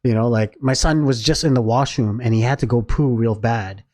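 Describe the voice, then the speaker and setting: A man co-hosting a podcast, telling a crude family anecdote in relaxed, profane casual chat. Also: mid-range voice, normal speed. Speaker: podcast co-host.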